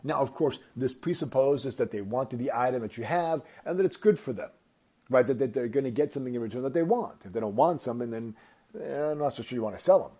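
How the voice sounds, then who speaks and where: Husky man telling a story. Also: mid-range voice, quick pace. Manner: animated anecdote with acted-out quotes. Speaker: podcast host. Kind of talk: casual storytelling.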